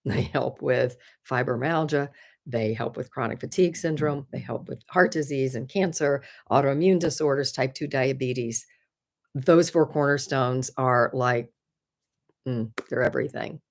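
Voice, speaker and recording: A woman hosting a live stream, chatting candidly and earnestly with viewers, often laughing at herself and offering encouragement. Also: very deep voice. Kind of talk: casual chat answering viewer comments.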